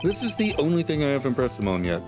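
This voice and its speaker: A man's voice: mid-range voice, very animated, fast talker, music in the background. A man voicing an older purple monster puppet who is emotional and easily flustered, giving casual commentary as he plays a game and reads its text aloud. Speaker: let's play host.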